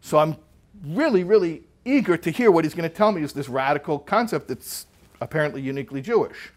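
Man rabbi telling a story to a student group, kinda high voice, lively, restarts a lot. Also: a little fast. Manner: animated storyteller, frequent restarts. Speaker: rabbi giving a talk. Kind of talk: storytelling lecture. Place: room in front of a student group.

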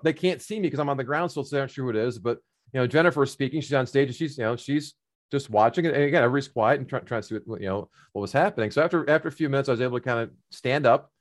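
A middle-aged man casually telling a long personal story, rambling with many fillers and restarts. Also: medium pitch.

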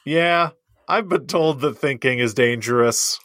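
A man's voice: medium pitch, unhurried, fairly bright tone, no room sound, clean studio sound. A man co-hosting a comedy podcast, bantering casually and pushing puns while prodding for a reaction. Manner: jokey, punning, pressing for reactions. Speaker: podcast co-host.

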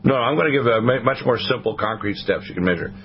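A man's voice: mid-range voice, quick pace, highs cut off. Preachy male radio host. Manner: rambling, sermon-like, quoting the Bible. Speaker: radio talk show host.

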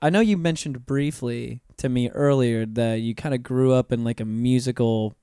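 A man's voice: mid-range voice, normal speed, mellow, clean tone, dry recording. A man hosting a podcast interview in a laid-back, dry and sarcastic way, with casual slang. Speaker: podcast host.

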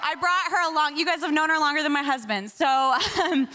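A woman from Washington State speaking at a church service, praying and then chatting in an expressive, emotional way. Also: high-pitched, a little fast. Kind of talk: prayer and sermon talk.

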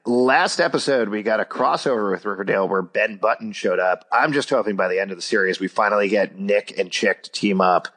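A man's voice: lowish voice, fairly quick, few pauses, fairly bright tone. A man hosting a casual podcast, recapping a TV episode with jokes and lots of "uh"s as he thinks aloud. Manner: jokey, thinks aloud with many fillers. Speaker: podcast host.

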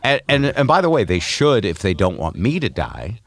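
Older wry male host, low lively voice. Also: moderate pace, creaky, no echo. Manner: wry, self-mocking, stumbles over words. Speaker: podcast host. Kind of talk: casual podcast chat.

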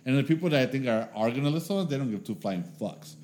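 Lively laughing man podcast co-host. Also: medium pitch, rapid-fire. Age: 40s. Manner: animated storytelling, laughs often, swears freely. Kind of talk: casual chat.

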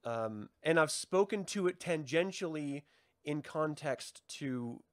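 A man's voice: a little high, lively intonation, slow pace, no room sound. Guy riffing with his stream chat, laughs a lot and swears, dead dry sound. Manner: joking, laughs often, swears. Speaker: livestream host. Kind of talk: casual chat with live viewers.

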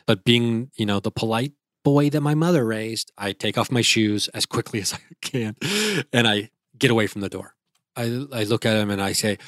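Low-voiced man telling a vivid story. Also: fairly even intonation, normal speed, fairly bright tone, no room sound, clean studio sound. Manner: vivid, breathless retelling with restarts. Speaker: guest. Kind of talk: casual storytelling.

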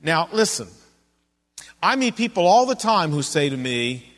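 A man's voice: sits high, very animated, unhurried, fairly bright tone, big-room sound. A man preaching a sermon in a conversational way, asking his listeners questions as he goes. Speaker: pastor.

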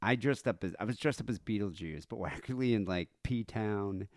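A man's voice: fairly low pitch, moderate pace, no room sound, clean studio sound. A man in his thirties who grew up in South Africa, telling stories in casual podcast chat with lots of restarts. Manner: animated storyteller, frequent restarts. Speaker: podcast co-host.

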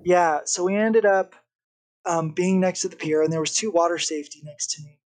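A young man, a podcast guest, telling a story in a casual, animated way. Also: sits high, normal speed. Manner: animated, vivid retelling with acted-out quotes.

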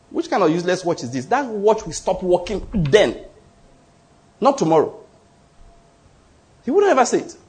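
A male preacher with a high, lively voice delivers a sermon. He talks emphatically, repeats his points, and acts out the people he quotes. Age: adult, goes to the gym.

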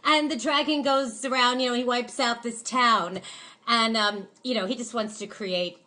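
A woman's voice: a little high, steady tone, moderate pace, pushed and bright. A chatty woman hosting a casual film review, rambling with many fillers and gushing with enthusiasm. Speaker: film reviewer, show host.

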